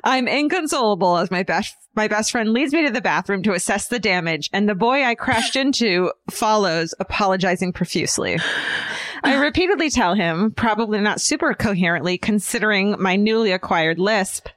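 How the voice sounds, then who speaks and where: A woman's voice: medium pitch, lively intonation, moderate pace, fairly bright tone, dry recording. A woman co-hosting a comedy podcast, reading a listener's email aloud with jokey asides. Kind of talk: casual comedic podcast chat.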